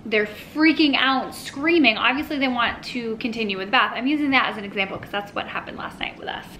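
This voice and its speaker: A woman's voice: a little high, fairly quick, bright, forceful tone, a little hiss or hum, rough recording. A mother talking casually to the camera at home about parenting, chatty and full of little asides. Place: at home with her toddler nearby.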